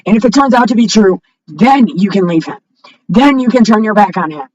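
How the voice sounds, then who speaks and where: A woman video blogger ranting to camera at home, blunt and profane, sometimes rising to a shout. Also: mid-range voice, lively intonation, fairly quick. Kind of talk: unscripted rant to camera. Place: home, with a cat nearby. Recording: dull lo-fi microphone.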